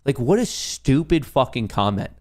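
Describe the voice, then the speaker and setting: A man's voice: medium pitch, very animated, moderate pace, a little mellow. A young man hosting a live trading stream, ranting profanely at comments from his chat. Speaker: livestream trading host.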